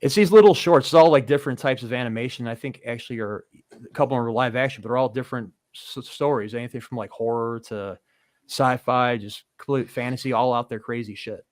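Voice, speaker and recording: A man's voice: mid-range voice, brisk, dry recording, clean studio sound. A man hosting a casual chat show, rambling and loose, swearing now and then. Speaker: podcast host.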